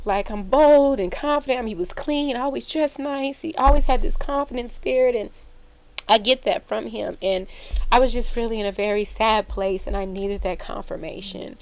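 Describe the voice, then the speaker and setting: Brief: woman podcast co-host, fairly high voice, animated, personal storyteller. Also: moderate pace. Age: adult with a young son. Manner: animated storyteller, voice rising high when excited. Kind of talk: emotional personal story in casual chat.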